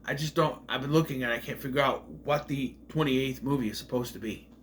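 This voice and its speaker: A man's voice: mid-range voice, fairly quick, slight background noise. A man casually reviewing a movie on video, rambling off on tangents.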